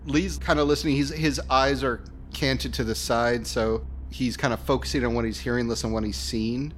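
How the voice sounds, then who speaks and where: A man's voice: medium pitch, fairly even intonation, moderate pace, a little hiss or hum. Casual man playing a tabletop game. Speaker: player.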